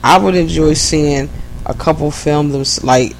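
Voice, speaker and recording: Gravelly co-host cracking jokes, lots of fry, faint hum. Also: medium pitch, a little slow, rough recording. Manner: joking, teasing, gravelly. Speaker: podcast co-host. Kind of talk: casual chat.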